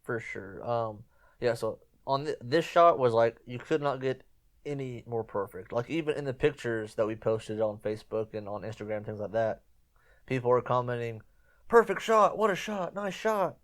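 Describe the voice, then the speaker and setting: A podcast host with a mid-range voice, speaking at a moderate pace, tells a rambling, casual hunting story. He repeats himself and quotes others in lively voices.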